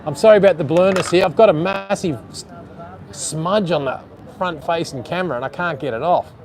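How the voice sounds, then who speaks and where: Australian man, gravelly voice, blunt casual rambling, phone on a gimbal outdoors, faint traffic behind. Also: a little high, brisk, a little mellow. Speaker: live streamer. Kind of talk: casual live stream chat. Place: outdoors in a city street.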